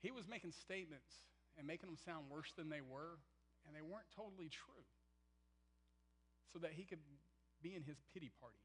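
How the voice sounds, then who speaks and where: Male pastor, fairly high voice, emphatic sermon delivery with loud and hushed swings. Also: animated, a little fast, long pauses, breathy edge, poor audio. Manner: emphatic, swings from loud to near-whispered, acts out quotes.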